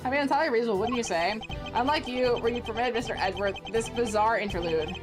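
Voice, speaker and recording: A woman's voice: a little high, fast, natural voice. A woman reading the lines of a smug older man who dodges accusations, in a lightly haughty tone, over game music. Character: smug older man, evasive courtroom suspect. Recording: game music playing under the voice.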